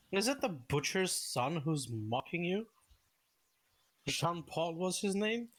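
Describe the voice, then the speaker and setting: Animated, swearing man chatting. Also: a little high, slow pace. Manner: animated, swears freely, jokey storytelling. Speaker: co-streamer. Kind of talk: casual chat.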